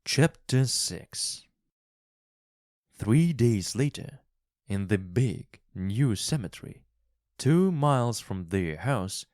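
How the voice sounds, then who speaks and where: A man slowly reading a graded English story aloud, clearly enunciating each phrase. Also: lowish voice, darkish tone, dry recording, studio quality. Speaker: narrator of a graded English reader. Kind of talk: slow, expressive storybook reading.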